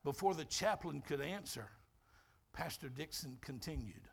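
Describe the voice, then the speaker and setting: A man preaching a sermon, telling a story with dramatic, emphatic delivery that swings between loud and soft. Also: medium pitch, measured pace, vocal fry, husky. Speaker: pastor.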